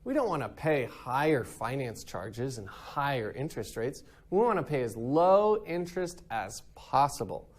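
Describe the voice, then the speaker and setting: A man's voice: mid-range voice, big pitch swings, normal speed, few pauses. A man teaching a recorded math lesson in an upbeat way, often checking in with "right?".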